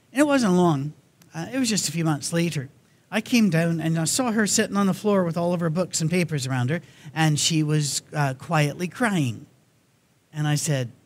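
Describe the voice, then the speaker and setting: A man preaching a sermon in a church, telling stories in a conversational manner. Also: fairly high pitch. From Scotland. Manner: conversational, storytelling.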